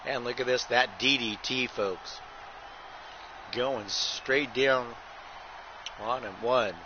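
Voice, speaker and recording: A man hosting a game stream, calling the action in wrestling-announcer patter and saying "folks" constantly. His voice sits at an ordinary pitch and gets loud when a big move lands. The audio is muffled, with a clear hiss of background noise. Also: takes it slowly. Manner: announcer patter, says "folks" nearly every line; excitable shouts at big moves. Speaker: host and play-by-play commentator. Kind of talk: wrestling play-by-play over a video game.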